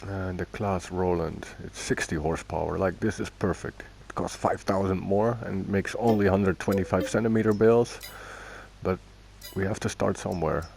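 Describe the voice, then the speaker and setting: Deep gravelly man narrating gameplay. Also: fairly even intonation, normal speed, darkish tone. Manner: thinking aloud, self-correcting, chatty. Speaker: gaming video host. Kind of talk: casual gameplay commentary.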